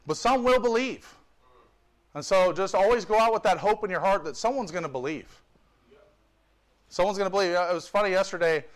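A man preaching a sermon with fervor, reading scripture and adding joking asides. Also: a little high. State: tired. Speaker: visiting pastor.

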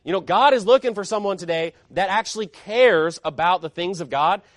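A man preaches with a high, ringing voice, pressing hard with rhetorical questions and emphatic outbursts. The sound is dry and close, with no room echo. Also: brisk. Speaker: pastor. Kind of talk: sermon.

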